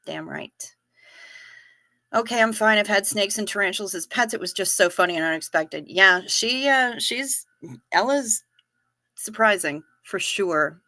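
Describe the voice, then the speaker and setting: A woman's voice: medium pitch, normal speed, bright, forceful tone, no echo. A woman hosting a live stream, chatting casually, telling jokes and reading out viewer messages. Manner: chatty, joking, reads chat aloud.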